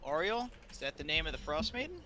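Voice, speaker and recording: A man's voice: a little high, expressive, fast talker. A man playing a tabletop game, chatty and joking, pointing out the rules. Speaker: player. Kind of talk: casual tabletop play.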